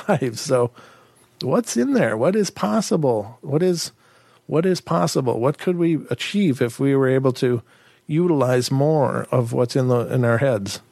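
A man's voice: mid-range voice, gravelly, a little mellow, dry recording. A man hosting a podcast, telling a personal story in a casual, musing way, full of rhetorical questions and restarts. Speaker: podcast host.

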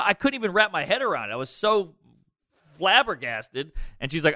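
A man's voice: a little high, normal speed, dry recording. A man, a comedian guest, telling a story in casual, profane podcast talk. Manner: animated, profane.

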